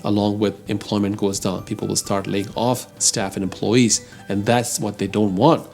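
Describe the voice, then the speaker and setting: A man's voice: fairly low pitch, level tone, normal speed, vocal fry, a little mellow, faint music behind. A man hosting an opinionated commentary show on the economy. He talks emphatically, calls his listeners "folks" and grows heated as he argues. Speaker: host.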